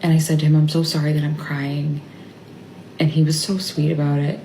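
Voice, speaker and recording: A tearful woman recording a personal video diary, talking haltingly and trailing off into near-whispers. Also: deep voice, little pitch movement, warm tone, echoey room, a little hiss or hum, poor audio. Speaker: mother vlogging about family illness. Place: stepped away from her workplace. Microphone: phone.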